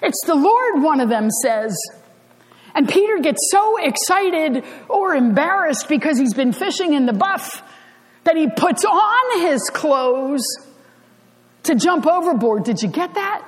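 A woman pastor giving a sermon, telling the story in a conversational way with dry humor, recorded in a church sanctuary. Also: sits high. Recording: church hall reverb.

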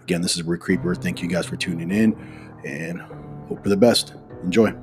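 A man's voice: low-pitched, fairly even intonation, brisk, over music. A man hosting a podcast in casual, chatty talk, effusive and full of loose restarts. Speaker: podcast host.

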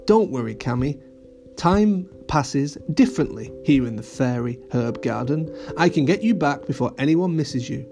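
A man voicing a tiny, kind female fairy in a very high, gentle put-on voice. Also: lively intonation, normal speed, vocal fry, music in the background.

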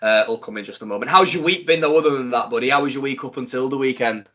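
A man co-hosting a podcast, chatty and excitable, laughing often. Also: mid-range voice, fast, highs cut off. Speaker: podcast co-host. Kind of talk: casual podcast chat.

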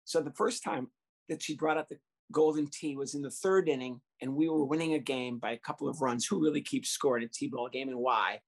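A man with a medium-pitched voice, talking a little fast, tells a funny story from when he coached youth baseball. He stays animated, laughs along the way, and voices the people he describes.

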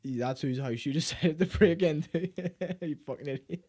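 A man's voice: a little high, normal speed. Sweary laughing man on a podcast. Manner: sweary, laughing storyteller, animated retellings. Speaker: podcast co-host. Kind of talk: casual chat.

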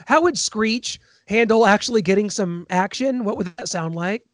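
A man's voice: high-pitched, normal speed, no echo. A man hosting a podcast, chatting casually and with a laugh about a TV episode. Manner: chatty, full of ums and laughs. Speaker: podcast host. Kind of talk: casual chat recapping a TV episode.

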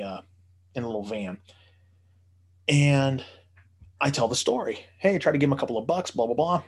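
Animated man telling a story. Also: mid-range voice, slightly rough. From United States. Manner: animated, swears freely, acts out voices in quotes. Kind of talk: casual anecdote telling.

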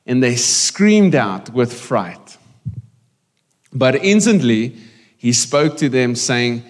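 Slow and often pausing, a South African pastor with a medium-pitched voice and big pitch swings gives a conversational sermon. He jokes with the congregation and slips into Afrikaans, all echoing with the long reverb of a church hall.

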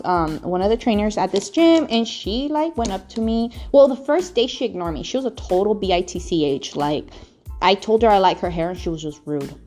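A young woman tells her own story to camera in loose, candid chat, drifting off on tangents and swearing freely. Her pitch sits in a typical middle range, with soft music faintly behind her. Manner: rambling, candid, swears often. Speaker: vlogger. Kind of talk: casual storytelling.

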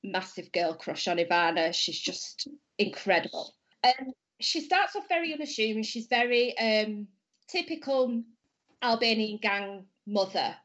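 Bright woman, emphatic opinions. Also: fairly high pitch, lively intonation, measured pace. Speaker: podcast panelist. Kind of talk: casual chat. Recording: dull lo-fi audio.

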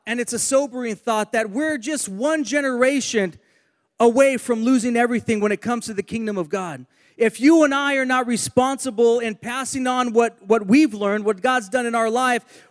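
A man's voice: extremely high pitch, in a large hall. A man preaching a sermon and leading a prayer, earnest, with repeated phrases.

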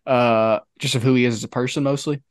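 A young man co-hosting a casual sports podcast, talking in a laid-back, halting way with lots of filler sounds. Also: mid-range voice, steady tone, smooth, no echo, studio quality. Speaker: podcast co-host. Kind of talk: casual chat.

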